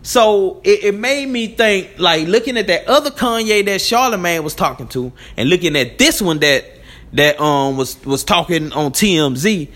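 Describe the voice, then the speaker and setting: A man's voice: sits high, expressive, normal speed, fairly bright tone. A man hosts his own commentary channel. His talk is loose and conversational. He laughs often and keeps checking in with "you know what I'm saying". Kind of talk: casual spoken commentary.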